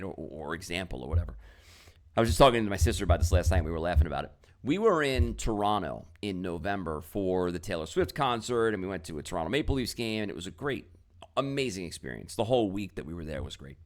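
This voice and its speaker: A middle-aged man telling a story with many fillers and quoted exchanges, giving a casual motivational talk to camera as a business coach. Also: fairly low pitch.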